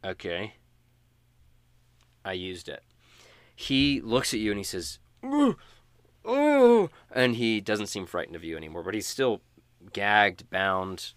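A man runs a tabletop game, narrating in a relaxed, casual way. His voice sits low. The recording is close and dry. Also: unhurried, long pauses, dry recording. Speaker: game master.

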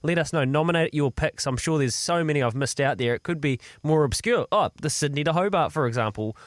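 A man's voice: fairly high pitch, animated, a little fast, no echo, clean studio sound. A New Zealand man hosting a sports talk radio show, easygoing, calling for listeners to phone in. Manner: easygoing, asks short questions.

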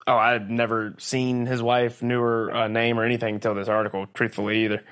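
A man's voice: mid-range voice, flat delivery, a little fast, a bit bright, clean tone. A man co-hosting a podcast, chatting casually with friends. He tells long rambling stories, circles back to correct himself, and breaks into laughter along the way. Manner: rambling storyteller, laughs often. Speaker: podcast co-host. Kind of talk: casual chat.

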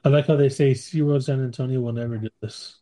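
Mellow-voiced laid-back podcast guy. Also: medium pitch, fairly even intonation, fast. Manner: loose and joking, laughs often, reads listener emails aloud. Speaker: podcast co-host. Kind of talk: casual chat.

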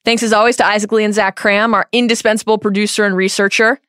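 A woman's voice: mid-range voice, level tone, quick pace, a bit bright, smooth, no echo, studio quality. A woman co-hosting a casual podcast, emphatic and enthusiastic, often laughing. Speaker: podcast co-host.

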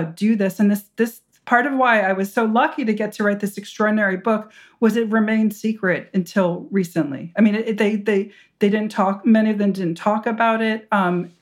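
Woman, historian, interview guest, animated storytelling, restarts and fillers. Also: medium pitch. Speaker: historian and author.

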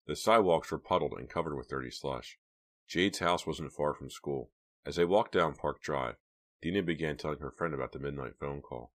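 A man narrating an audiobook with a steady, measured reading. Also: very deep voice.

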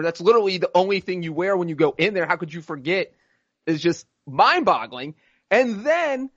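A man co-hosting a casual sports podcast, cracking deadpan jokes and ranting. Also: high voice, dry recording, dull audio. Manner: deadpan jokes, animated rants. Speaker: podcast co-host, football writer.

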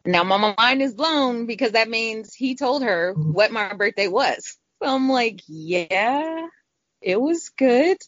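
A woman's voice: fairly high pitch, unhurried, few pauses, no room sound. A woman telling a personal story in casual talk, frank and profane, acting out what people said. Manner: frank, profane, quotes people in lively voices. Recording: dull lo-fi recording.

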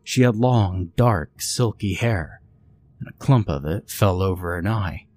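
A man narrating a first-person horror story in a measured, bitter tone. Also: deep voice, darkish tone.

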